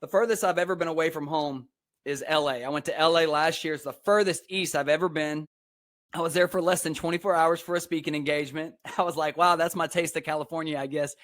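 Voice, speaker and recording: Podcast guest: young Texan man, upbeat and preachy, slightly raised pitch. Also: fast. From Texas. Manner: energetic, preachy, laughs often. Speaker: podcast guest, speaker and personal trainer. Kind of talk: casual podcast interview.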